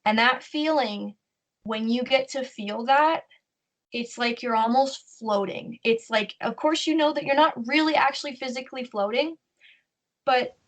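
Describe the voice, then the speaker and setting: A woman co-hosting a podcast, slowly guiding listeners through a meditation in a soothing, instructive way. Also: fairly high pitch. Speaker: podcast co-host. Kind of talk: guided meditation.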